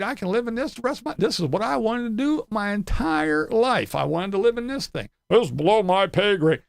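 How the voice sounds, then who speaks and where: A man putting on a mocking voice of a smug, boastful man who contradicts himself, in a high sing-song tone. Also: vocal fry, dry recording, clean studio sound, exaggerated voice.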